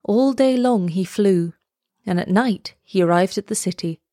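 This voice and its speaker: A woman reads a classic fairy tale aloud in a measured, expressive storytelling manner. Her pitch sits in an ordinary middle range. The recording is dry and close, with no room echo.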